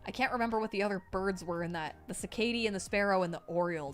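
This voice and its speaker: Young woman streamer reading a book out loud, gets hyped and swears a lot, normal pitch, quiet music behind. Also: very fast. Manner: excitable, swears freely, squeals in reactions. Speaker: streamer reading a novel aloud. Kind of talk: live-stream read-aloud with reactions.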